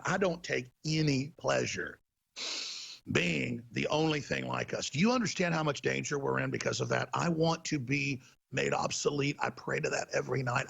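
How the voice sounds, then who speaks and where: A man's voice: mid-range voice, vocal fry, fairly bright tone, husky. A man hosting a talk show, delivering a heated, emphatic ranting monologue.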